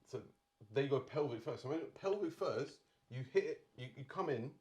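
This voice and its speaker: A man's voice: medium pitch, moderate pace, husky. A man co-hosting a casual chat podcast, telling party stories with lots of laughter. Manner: animated storyteller, laughs a lot. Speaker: podcast co-host.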